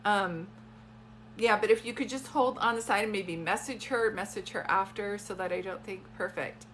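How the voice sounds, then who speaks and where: A woman with a bright, forward voice leads a live-streamed reading from her phone, chatting in loose asides. A faint hiss and a soft hum sit under her voice. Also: medium pitch, normal speed. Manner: chatty, warm-toned, rambling asides. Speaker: psychic medium.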